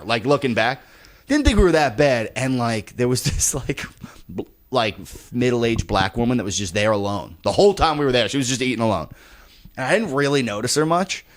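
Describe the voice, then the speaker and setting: A man's voice: medium pitch, expressive, a little fast. A young man co-hosting a comedy podcast, telling a story in casual chat, laughing often and acting out quotes. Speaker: podcast co-host.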